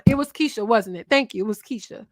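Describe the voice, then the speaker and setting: Here the gossip streamer talks fast in a fairly high voice, the sound dry and close without echo. She's a chatty Philadelphia woman in her twenties who addresses her chat directly and trails off while searching aloud.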